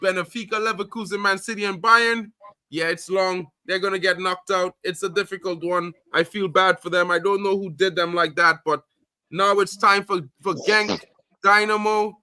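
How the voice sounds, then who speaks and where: A man streaming casual football chat, animated and slangy, calling everyone bro. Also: sits high, normal speed, smooth, no room sound. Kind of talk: casual live commentary.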